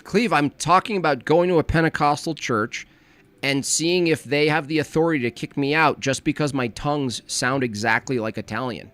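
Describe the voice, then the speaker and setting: A man's voice: fairly high pitch, normal speed, fairly bright tone, no echo. A man giving a comedic reaction commentary, joking and laughing often as he riffs.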